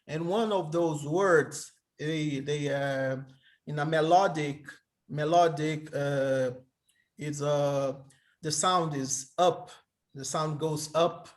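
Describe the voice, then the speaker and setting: Slow, hesitant male Greek tutor on a video call, slightly high voice. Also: fairly even intonation. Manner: hesitant, halting, many restarts. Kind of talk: online tutoring session.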